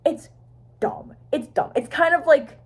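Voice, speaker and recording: A woman's voice: sits high, a little slow. A woman vlogger talking to her phone camera in a rambling, casual way, swearing and trailing off. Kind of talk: rambling casual fan chat.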